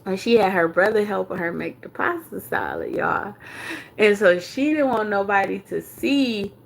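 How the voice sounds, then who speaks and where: A woman hosting a livestream, telling a story with profanity, animated and thanking viewers as she goes. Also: mid-range voice, moderate pace, gravelly. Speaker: commentary host. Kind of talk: livestream commentary.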